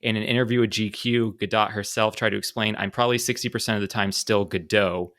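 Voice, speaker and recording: A young man co-hosting a podcast, tossing out jokes and quick reactions and sometimes reading aloud. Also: on the low side, fairly even intonation, fairly bright tone. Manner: joking, quick reactions, reads aloud from articles. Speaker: podcast co-host. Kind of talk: casual chat.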